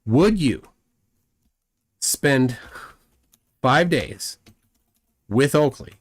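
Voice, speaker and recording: A man's voice: medium pitch, expressive, extremely slow. A man hosting a livestream, rambling through commentary and reading chat comments aloud, often repeating words as he goes. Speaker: livestream host.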